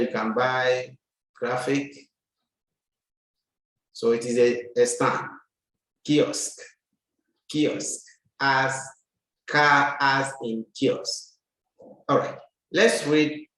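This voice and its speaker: Very slow man teaching in an echoey room. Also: medium pitch, fairly bright tone. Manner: slow, deliberate, repeats words for the learner to copy. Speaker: French teacher. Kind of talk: language lesson, drilling pronunciation.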